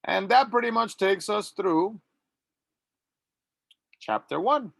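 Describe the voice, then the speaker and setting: A man teaching an English grammar lesson, reading model sentences slowly and clearly for students to repeat. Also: high voice, expressive, a bit bright, no echo. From Latin America. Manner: slow, drawn-out model sentences.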